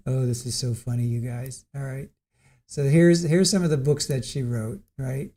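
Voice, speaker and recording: Man, casual livestream host, chatty, giggly, warm mellow voice, halting reading. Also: mid-range voice. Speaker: trial commentary host.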